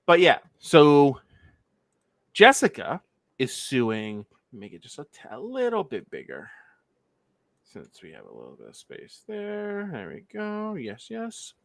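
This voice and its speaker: A man's voice: on the high side, wildly swooping pitch, a little slow, creaky, fairly bright tone, no echo. A man from Pennsylvania hosting a casual livestream, walking through a legal filing and skipping the boilerplate. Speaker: livestream host.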